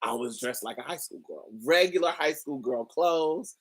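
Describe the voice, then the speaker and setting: A woman's voice: deep voice, normal speed, slightly rough. A woman telling a personal story in a candid, casual way, swearing freely and laughing often. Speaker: storyteller host.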